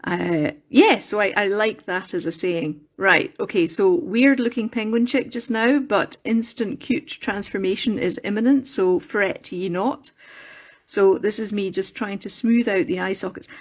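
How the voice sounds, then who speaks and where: A woman's voice: mid-range voice, unhurried. A woman with a Scottish accent chatting casually on a live stream from a workshop in a mill, rambling and wandering off on tangents while she sculpts. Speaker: craft livestreamer. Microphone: phone.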